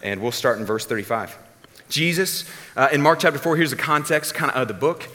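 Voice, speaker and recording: A man's voice: medium pitch, fairly quick. A man preaching a sermon as a pastor, telling the story casually and acting out the people in it. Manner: casual, animated storytelling with acted-out voices. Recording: long hall reverb.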